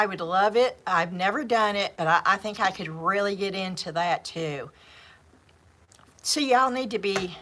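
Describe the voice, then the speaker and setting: A woman's voice: mid-range voice, bright, forceful tone. A woman with a Southern US accent, hosting a livestream in a rambling, chatty way with repeated words and laughs. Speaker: livestream host. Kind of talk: casual chat. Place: home craft livestream.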